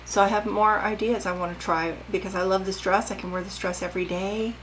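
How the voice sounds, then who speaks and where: A woman's voice: medium pitch, steady tone, brisk, fairly bright tone, slight background noise, low-quality recording. An older woman vlogging casually about her sewing, chatty and rambling, often asking her viewers questions.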